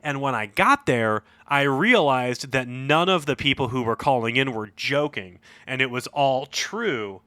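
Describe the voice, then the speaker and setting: A man in his forties co-hosting a board game podcast, rambling through a story with plenty of "like" and "you know". His voice is bright and sits in a middle pitch. The sound is close and dry. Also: lively intonation, a little slow, few pauses, clean tone, dry recording. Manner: rambling storyteller with many fillers. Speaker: podcast co-host. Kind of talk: casual chat.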